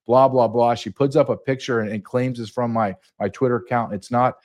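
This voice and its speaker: A man's voice: mid-range voice, normal speed, few pauses, darkish tone. A middle-aged man, a guest on a podcast interview, telling his story in a heated, emphatic way. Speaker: guest, retired border agent.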